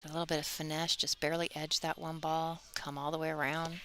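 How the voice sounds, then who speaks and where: A woman's voice: deep voice, little pitch movement, a little fast, fairly bright tone, a little hiss or hum. A woman commentating a live pool tournament stream in a chatty, casual way, laughing easily and plugging the stream. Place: tournament venue.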